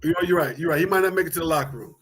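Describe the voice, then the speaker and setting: A man's voice: fairly high pitch, rapid-fire, fairly bright tone, slightly rough, faint music behind. A man co-hosting a casual sports talk show, loose and repetitive, laughing easily as he talks picks.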